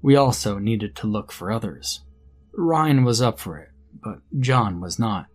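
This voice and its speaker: A man narrating a first-person horror story in a measured, grim storytelling manner. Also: lowish voice, animated. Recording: faint background music under narration.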